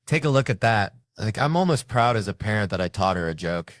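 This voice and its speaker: A man's voice: lowish voice, lively intonation, brisk, dry recording, clean studio sound. A man doing a stand-up set, telling rambling, profane stories about his family. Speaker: stand-up comedian.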